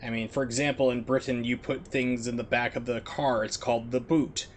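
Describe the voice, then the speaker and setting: A man's voice: mid-range voice, level tone, a little fast, slight background noise. Chatty American man streaming a game. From United States. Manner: rambling, filler-heavy, chatty. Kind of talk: casual chat while gaming.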